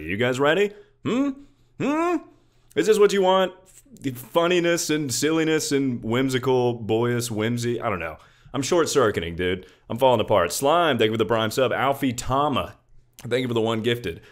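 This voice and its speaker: Young male streamer, lowish voice, loud jokey chat, thanking viewers from his room. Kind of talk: casual livestream chat.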